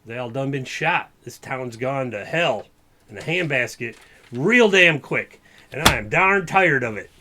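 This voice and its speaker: A man voicing a weary, fed-up frontier sheriff with a rough Western drawl and folksy grammar. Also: mid-range voice, a little slow, hardly any pauses, noisy background, pitched above the performer's own voice, lightly acted.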